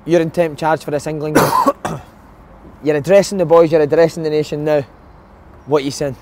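A man's voice: a little high, fairly even intonation, fairly quick, background noise. A man with a Scottish accent hosting a casual football podcast, teasing and playful. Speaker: podcast host. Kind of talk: casual chat.

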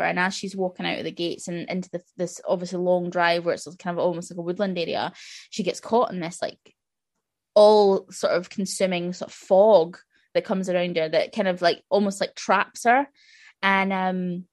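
A woman's voice: mid-range voice, no room sound. A woman co-hosting a casual podcast, rambling through a film scene and acting out its lines as she goes. Her voice is recorded close and dry, with no room sound at all. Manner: rambling, animated retelling with acted-out quotes. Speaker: podcast co-host. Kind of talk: casual chat.

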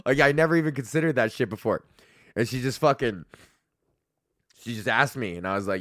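A man rants casually on his own podcast, swearing freely and wandering from thought to thought. His middle-pitched voice sits close to the mic in a dry, dead room. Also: fairly quick, fairly bright tone, dry recording. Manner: profane, rambling, laughing asides. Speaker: podcast host. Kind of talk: casual ranting monologue.

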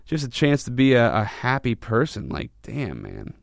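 A man's voice: mid-range voice, huge pitch swings, normal speed, gravelly, no echo, studio quality. A man hosting a podcast, talking candidly and self-reflectively about his own frustrations, with a rambling delivery full of restarts. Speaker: podcast host. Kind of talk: candid personal monologue.

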